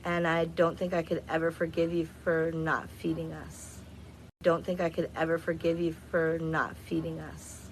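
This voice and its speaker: A woman's voice: low-pitched, monotone, moderate pace, a little hiss or hum, poor audio. Blunt, candid woman telling a story. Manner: blunt, candid, acts out others' voices. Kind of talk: casual storytelling vlog.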